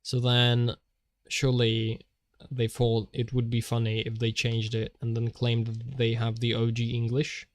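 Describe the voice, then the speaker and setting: A man's voice: medium pitch, completely flat delivery, measured pace, no room sound. A man streaming while he draws, rambling in a jokey way and often laughing.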